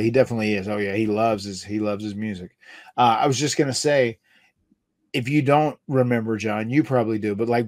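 A man's voice: medium pitch, dry recording, studio quality. A man hosting a podcast, chatting casually and telling stories with quoted voices, laughing often. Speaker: podcast host, former wrestler. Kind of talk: casual chat.

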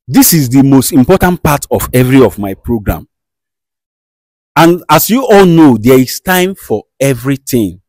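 A man with a Nigerian accent acting as a show host who calmly mediates a dispute and questions firmly. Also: mid-range voice, no room sound. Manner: soothing, repeats "calm down", firm questioning. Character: male show host, calm and commanding mediator. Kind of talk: comedy skit acting.

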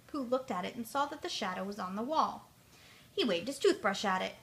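A woman storyteller reading a children's storybook aloud, clear and expressive. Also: mid-range voice, a little fast.

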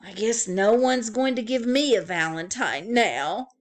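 A woman voicing a young boy turtle in a storybook, eager and easily upset, speaking in a high, earnest, childlike way. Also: lively intonation, measured pace.

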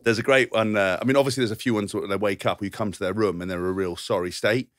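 A man's voice: lowish voice, steady tone, fast talker, a bit bright, dry recording, clean studio sound. A man in his thirties, a podcast co-host and former rugby player, rambling through tour stories and acting out the voices in them. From England. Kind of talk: casual anecdote telling.

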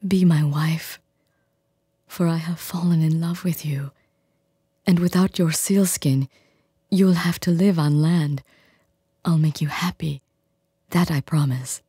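A woman voicing a stubborn, headstrong but kind young fisherman in a storybook reading, speaking softly and earnestly in a breathy, hushed voice. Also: extremely low pitch, a little slow, dry recording, studio quality, full character voice. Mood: coaxing. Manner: earnest, coaxing. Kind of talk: storybook character voice.

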